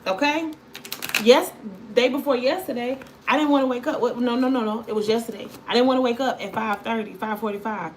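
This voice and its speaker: A woman, chatting casually with viewers as a tarot reader on a livestream, animated and repetitive. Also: fairly high pitch, brisk, a little hiss or hum. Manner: animated storytelling, repeats phrases, talks to viewers.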